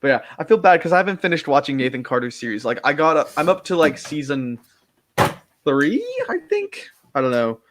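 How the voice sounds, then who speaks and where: Here a young American man talks fast in a mid-range, fairly bright voice, barely pausing. Calling in as a guest on an online chat via his computer mic, he rambles, corrects himself and keeps the jokes coming.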